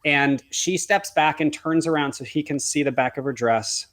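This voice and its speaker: A man's voice: on the high side, normal speed, fairly bright tone. A man, a wedding photographer, telling a heartfelt story as a podcast guest, earnestly acting out the dialogue he quotes.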